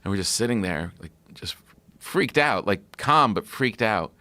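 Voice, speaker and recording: A man on a podcast tells a personal story at length, looping through fillers and restarts. His voice sits on the low side and is recorded close and dry in a studio. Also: expressive, normal speed, bright, forceful tone, no room sound. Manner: rambling, filler-heavy anecdote telling. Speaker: podcast guest. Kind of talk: casual storytelling.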